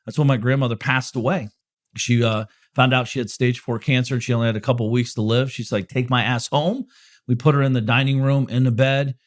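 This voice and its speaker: A middle-aged man talks straight into the mic in a casual, unscripted monologue, swearing freely as he gives listeners pep-talk advice. His voice sits at an ordinary pitch for a man, and the sound is close and dry with no room echo. He speaks openly and frankly about personal matters. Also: steady tone, fast. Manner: blunt and profane, swearing freely. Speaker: podcast host answering listener questions.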